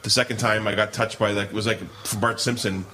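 A man's voice: on the low side, fast talker. A man co-hosting a casual comedy podcast, telling stories animatedly, acting out voices and laughing often. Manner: animated storyteller who acts out voices, laughs a lot. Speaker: podcast co-host.

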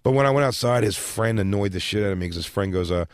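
A lower-voiced man, a stand-up comedian, tells crowd stories in loose, profane chat. He gets animated and laughs as he talks. The sound is dry and close. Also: fast, hardly any pauses, clear, resonant tone, no echo. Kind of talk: casual podcast chat.

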